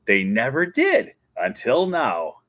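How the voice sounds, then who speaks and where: A man's voice: mid-range voice, huge pitch swings, takes it slowly, a bit bright, no echo. A man hosting a casual fan show, talking enthusiastically and laughing often. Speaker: host. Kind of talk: casual chat.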